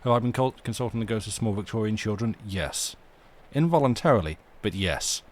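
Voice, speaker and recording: A man's voice: lowish voice, lively intonation, brisk. A young man hosting a live reading stream, chatting casually at his home desk mic with a rambling, self-deprecating manner. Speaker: storyteller and stream host. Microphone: desk microphone.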